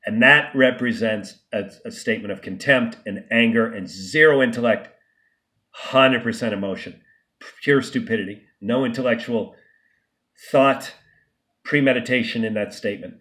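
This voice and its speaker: A man's voice: medium pitch, moderate pace, sharp tone. A man vlogging an unscripted monologue, emphatic and indignant, often restarting and stumbling over words. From United States.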